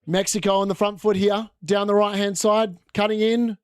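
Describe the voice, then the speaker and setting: A man's voice: sits high, flat delivery, normal speed, clean tone, no echo, studio quality. A young man hosting a casual live football watchalong from a room at home, chatting and rambling as he reacts to the match. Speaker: watchalong host.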